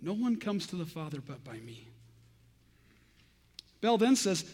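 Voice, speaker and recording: A man's voice: high voice, very animated, measured pace, long pauses, darkish tone, breathy edge. A man giving a sermon-style teaching, earnest and pointed, citing scripture chapter and verse. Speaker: Christian preacher.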